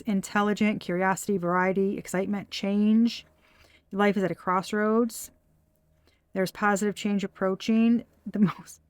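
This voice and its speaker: Woman tarot reader, casual and blunt, swears a lot, mid-pitched, dry close recording. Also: no room sound. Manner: blunt and profane, laughing often.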